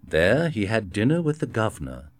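A man reading a storybook aloud in a slow, clear narration. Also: fairly low pitch, very animated, no room sound. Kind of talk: scripted narration.

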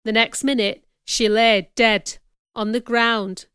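A woman reading a storybook, voicing a calm, plain-spoken old innkeeper in a bright, clear voice. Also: fairly high pitch, slow pace, dry recording, clean studio sound. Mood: grave.

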